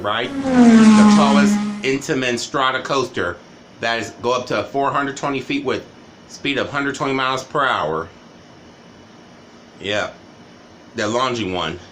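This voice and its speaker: A man's voice: medium pitch, fairly bright tone. A man vlogging a rambling, casual storytime monologue, often tagging "right?" and "you know" onto his sentences.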